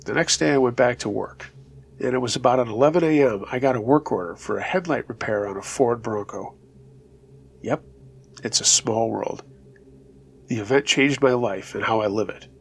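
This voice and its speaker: A man hosting a storytelling channel, reading true scary stories in a steady, low-key scripted narration. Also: normal speed, vocal fry, husky.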